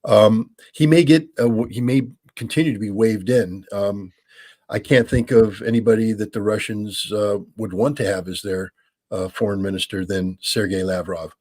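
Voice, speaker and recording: Husky-voiced American man explaining at length. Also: lowish voice, fairly even intonation, moderate pace, darkish tone. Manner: many fillers and restarts, explanatory. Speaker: guest analyst, regular of the show. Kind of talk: call-in Q&A commentary.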